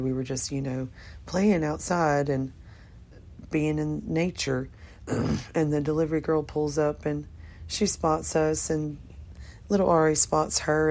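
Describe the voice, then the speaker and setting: Low creaky-voiced older woman rambling. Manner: rambling, emotional, swears casually. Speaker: vlogger. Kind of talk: casual spiritual monologue.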